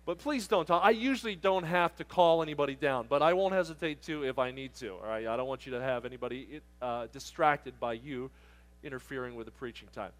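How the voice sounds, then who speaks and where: A man's voice: medium pitch, a little fast, fairly bright tone. A middle-aged man from southern New Jersey preaching to teens at a camp, joking but firm and conversational. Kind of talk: sermon to teens.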